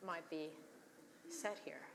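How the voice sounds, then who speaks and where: A woman interviewing an author on a festival stage in a friendly, playful, warm way. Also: fairly low pitch, sing-song, takes it slowly, over a noisy crowd. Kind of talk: casual onstage conversation. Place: large festival hall on stage. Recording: echoey hall with audience.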